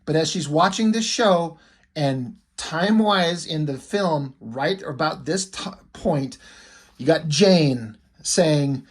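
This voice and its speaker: A man's voice: a little high, lively intonation, slow, husky. A man casually recapping a comic book story in a rambling, filler-heavy way, swearing freely.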